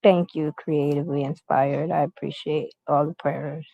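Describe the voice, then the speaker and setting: Middle-aged woman, low voice, gravelly, casual rambling livestream chat, phone mic, hospital room. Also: steady tone, moderate pace, mellow, dry recording, lo-fi sound. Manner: rambling, keeps greeting viewers by name. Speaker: YouTube livestream host.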